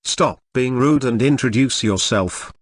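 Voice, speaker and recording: A man's voice: medium pitch, unhurried, natural voice. Brief: imperious witch lady, read by a man in his own voice, haughty and impatient, storybook reading. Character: proud confident female witch, commanding.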